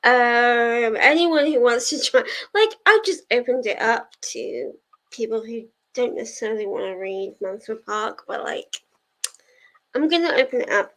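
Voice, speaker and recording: Slow-talking high-voiced woman streamer. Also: a bit bright. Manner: chatty, giggly, lots of fillers. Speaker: livestream host of a reading sprint. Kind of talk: casual livestream chat reading out viewer messages.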